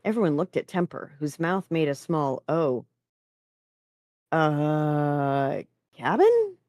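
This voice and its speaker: A woman reading a story aloud in a measured, unhurried way. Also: deep voice, a little mellow, no room sound, studio quality. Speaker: story reader.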